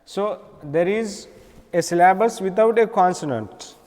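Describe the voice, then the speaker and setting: A man with an Indian accent teaching an English lesson, explaining slowly with many pauses and repeated words. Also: sits high, a little mellow, in a large hall. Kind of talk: classroom lecture.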